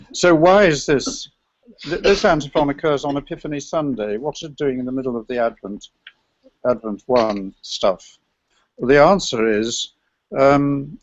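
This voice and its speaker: A man with a gravelly voice presents an academic paper in a scholarly, meandering way. The recording is dry and slightly dull, with no room sound. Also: mid-range voice, no room sound. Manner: scholarly, digressive, sings chant examples. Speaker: lecturer on medieval chant.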